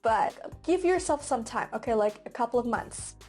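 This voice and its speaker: A woman's voice: a little high, expressive, moderate pace, a little mellow, soft background music. A young woman whose first language is Persian, speaking English with an American accent in a casual, chatty vlog to her viewers. She talks with frequent fillers and a joking tone. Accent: American English, non-native. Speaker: English-learning vlogger. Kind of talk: casual talk to camera.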